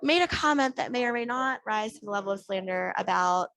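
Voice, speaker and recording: Podcast guest, female, lively storyteller who acts out quoted dialogue. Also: medium pitch, a little fast. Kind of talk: casual storytelling.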